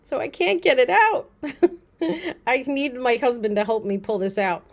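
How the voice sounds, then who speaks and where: A woman with a fairly high voice chats casually to her camera. She gushes and rambles, drifting into quick self-aware asides. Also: sing-song, creaky. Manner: chatty and gushing, repeats "pretty" often. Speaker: beauty vlogger. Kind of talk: casual haul chat to camera.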